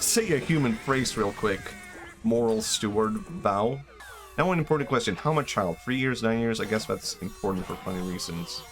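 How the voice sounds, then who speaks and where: A young man streaming a game, musing in a loose, excitable way and swearing now and then. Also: lowish voice. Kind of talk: casual gaming stream commentary.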